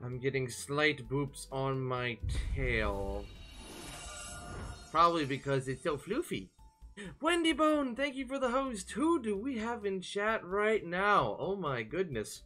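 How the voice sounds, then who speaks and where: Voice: medium pitch, big pitch swings, slow, pushed and bright, faint music behind. A variety game streamer chatting live, bubbly and playful, greeting viewers by name.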